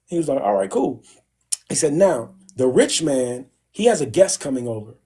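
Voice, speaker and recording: A man hosting a casual livestream and retelling a story in animated slang, voicing the characters in quick bursts. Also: medium pitch, slightly rough. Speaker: livestream host. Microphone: phone.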